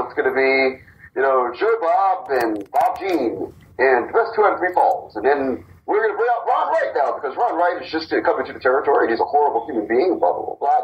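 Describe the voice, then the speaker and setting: A man's voice: medium pitch, lo-fi sound. A man co-founder of a wrestling company, casually telling a long story on a podcast and acting out the quotes.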